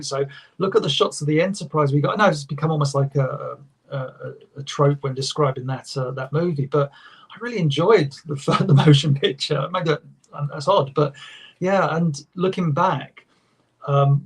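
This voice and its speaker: A man talking on a live panel, his voice sitting a touch higher than most. He stops and restarts his sentences often as he thinks aloud. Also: breathy edge. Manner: halting, restarts often, laughs easily. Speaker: guest. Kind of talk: casual panel chat.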